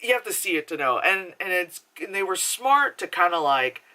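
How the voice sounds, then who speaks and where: A woman's voice: fairly low pitch, normal speed. A young woman casually reviewing a film, rambling and swearing freely with lots of filler words, often laughing as she retells scenes. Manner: laughs while talking, animated retelling. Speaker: movie reviewer.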